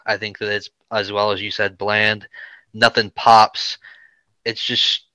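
Bright, clear-voiced man giving blunt takes. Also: on the low side, flat delivery, slow, dry recording, low-quality recording. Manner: blunt opinions, hesitant fillers. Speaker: podcast co-host. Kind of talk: casual chat.

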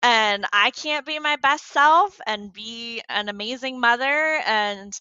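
A former teacher in her thirties speaks in an interview, earnest and emotional, pausing on fillers and starting over. Her voice is bright and a little high. The sound is dry and dull, like a lo-fi call recording. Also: no room sound. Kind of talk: candid interview storytelling.

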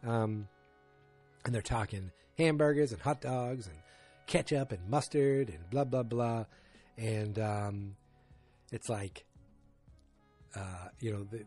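A man with a husky voice talks through a TV episode in a loose, rambling way, often circling back and restarting his sentences. His casual recap sits over faint background music. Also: medium pitch, animated, a little slow, mellow. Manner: rambling, thinking aloud with many restarts.

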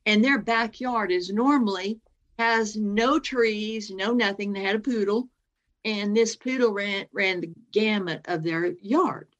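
A woman in her sixties speaks a little slowly in a mid-range voice as a guest, wandering through a personal story and circling back to her point with "well, anyway."

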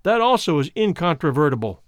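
Male narrator doing a smug, wordy schemer, slow and judicial, sing-song pitch, dry. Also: sing-song, dry recording. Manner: deliberate, judicial, mock-apologetic. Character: scheming, smooth-talking man, wordy and mock-polite.

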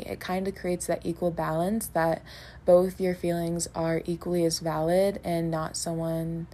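Thoughtful lower-voiced woman co-host. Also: level tone, dark tone. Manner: thoughtful, measured explaining. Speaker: podcast co-host. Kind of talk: casual reflective chat.

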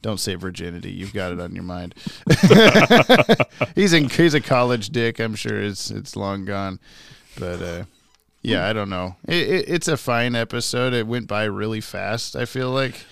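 A young adult man co-hosting a podcast, chatting in a relaxed, rambling way with many fillers. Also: lowish voice, measured pace, gravelly, dry recording. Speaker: podcast co-host. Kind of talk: casual chat.

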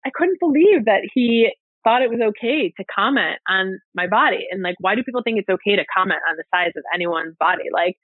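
Here a brisk, animated woman with a husky mid-range voice tells stories as a podcast guest, and there's no room sound at all. Her chatty interview talk is packed with "like" and "you know," and the audio comes through dry and tinny, as if over a phone.

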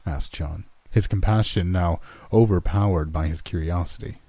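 A man narrating a horror story in a measured, somber way. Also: deep voice, mellow, no echo.

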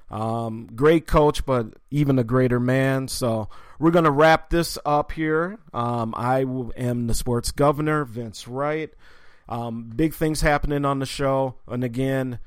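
Brief: man, sports podcast host, middle pitch, dry close sound, loose rambling delivery full of ums. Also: clean tone, no room sound. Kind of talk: casual spoken tribute and storytelling.

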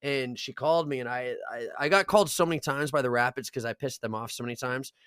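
A man's voice: medium pitch, quick pace, fairly bright tone, clear, resonant tone, no echo, clean studio sound. Casual swearing young man telling stories. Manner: swears a lot, laughing storyteller, acts out quotes. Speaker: podcast co-host. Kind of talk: casual chat.

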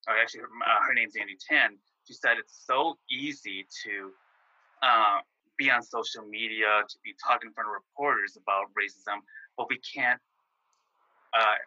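A man hosting a podcast, asking earnest, measured questions with many fillers. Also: on the low side, bright, forceful tone, no room sound, dull audio. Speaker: podcast host. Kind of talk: interview questions.

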